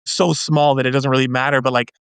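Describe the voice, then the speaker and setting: A man's voice: mid-range voice, level tone, fast talker, creaky, clean tone, dry recording. Man, podcast guest, earnest casual talk, lots of restarts, dry close sound. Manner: earnest, loose, many fillers and restarts.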